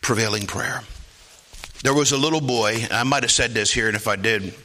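Man, pastor, church sermon, very bright voice, middle pitch. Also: brisk. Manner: preaching, climbs high and loud when acting out the story. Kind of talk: sermon and closing prayer.

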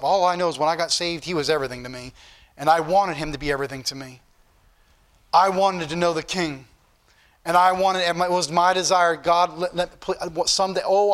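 A man preaching a sermon, reading scripture aloud and repeating key phrases with slow emphasis. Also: fairly high pitch, fairly bright tone. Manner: reads scripture aloud in King James wording.

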